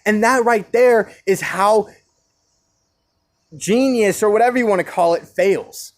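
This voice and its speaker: A man's voice: high voice, measured pace. A young man ranting alone about division and free speech, impassioned, firing rhetorical questions and restarting his phrases. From United States. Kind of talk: solo rant.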